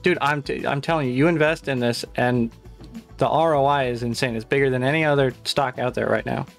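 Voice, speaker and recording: A brash man talking in casual in-game chat, with the quick, pushy patter of a hustler making a pitch. His voice sits at an ordinary middle pitch, and faint game music plays behind him. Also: steady tone, vocal fry. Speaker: gaming video creator.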